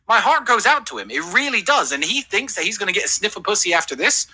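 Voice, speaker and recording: Animated, swearing Englishman, sharp high voice. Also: quick pace, few pauses, husky, rough recording. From England. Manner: animated, profane ranting. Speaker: podcast co-host. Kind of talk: heated streamed talk.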